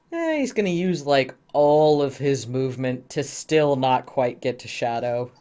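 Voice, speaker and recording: A man narrating as game master in a tabletop game, describing the monsters' moves in a relaxed, playful way. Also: medium pitch, clean tone.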